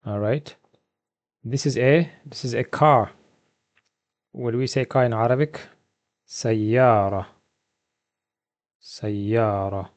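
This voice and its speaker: A man runs a beginner vocabulary lesson from slides, with a voice of middling pitch. He asks how to say each word, answers himself, and repeats the answer slowly for the learners. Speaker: Arabic teacher.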